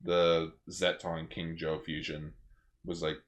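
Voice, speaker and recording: A man co-hosting a podcast in casual chat, talking in a relaxed, matter-of-fact way. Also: very deep voice, takes it slowly. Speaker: podcast co-host.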